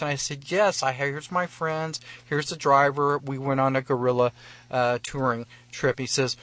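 A man's voice: medium pitch, steady tone, normal speed, fairly bright tone, dry recording. A man telling a travel story as a guest on a live radio show, acting out the officials he met and chuckling often. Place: radio studio.

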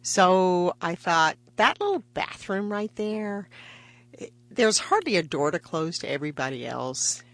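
A woman's voice: on the low side, sing-song, a little slow. A woman physician in a radio interview, telling a personal story vividly and acting out the quotes. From part Mexican heritage. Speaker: guest, physician.

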